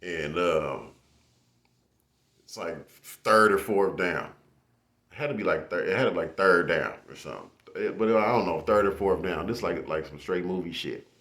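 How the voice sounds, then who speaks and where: A young man telling a story casually and animatedly, laughing and acting out shouts. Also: low voice. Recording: echoey room.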